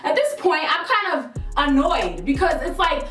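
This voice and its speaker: A young woman spins a storytime for her viewers, sassy and animated, jumping into high exclaiming bursts when she quotes people. Her voice sits high and sounds a little distant, bouncing around an echoey room. Soft music plays underneath. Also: normal speed. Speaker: vlogger telling a story. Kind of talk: storytime vlog, casual chat.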